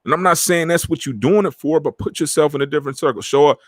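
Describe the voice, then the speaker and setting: A man's voice: on the high side, fast talker, dry recording. Streetwise man on his podcast, dry sound. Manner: streetwise slang, animated, acts out quoted friends. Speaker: podcast host. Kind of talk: casual motivational talk.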